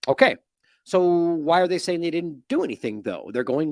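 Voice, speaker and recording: A man's voice: on the high side, moderate pace, no room sound, studio quality. A man hosting an independent news show, giving indignant, mocking commentary on the news. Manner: animated, indignant, mocking with sarcastic quotes.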